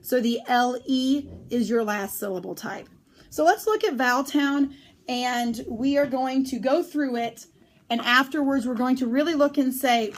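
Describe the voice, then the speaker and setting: A woman teaching a phonics lesson on syllable types, speaking clearly and drawing out the example words slowly. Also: high-pitched.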